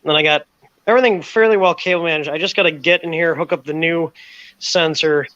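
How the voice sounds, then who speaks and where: A man dropping into a video-call chat from his phone, talking offhand and quickly while he works. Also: a little high, fairly even intonation, fairly bright tone, no room sound. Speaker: guest dropping into a hangout. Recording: dull dry phone mic.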